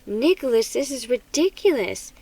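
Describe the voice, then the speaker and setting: A woman's voice: on the high side, lively intonation, moderate pace, warm tone, dry recording. A woman reading as a stern weary mother. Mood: stern, upset. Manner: firm, scolding.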